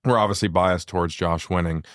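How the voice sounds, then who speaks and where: A young adult man co-hosting a family podcast, talking through the game in a measured, analytical way, like a sports announcer. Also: low voice, fairly even intonation, a bit bright, no room sound, clean studio sound. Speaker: podcast co-host. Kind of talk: casual family podcast chat.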